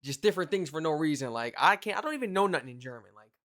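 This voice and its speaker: A young man from the United States giving casual, slangy reaction commentary, talking in an animated, exclaiming way. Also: on the high side, racing. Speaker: reaction video host.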